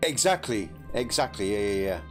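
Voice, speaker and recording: A gameplay streamer talking casually through a game. He chats and laughs easily, often poking fun at himself. His pitch is lively, and faint game music runs under his voice. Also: moderate pace. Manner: chatty, laughing, self-deprecating.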